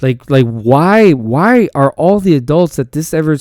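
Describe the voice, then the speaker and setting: A man's voice: a little high, animated, a little slow, darkish tone, no echo, clean studio sound. A man who is a teacher and podcast host, telling a story in a rambling, casual way with many false starts and repeated words.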